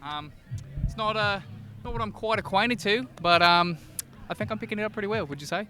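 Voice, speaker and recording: A man's voice: sits high, fairly quick, bright, forceful tone. A man playing a clueless trainee outdoors, hesitant and bumbling, full of fillers. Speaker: clueless trainee in a comedy bit.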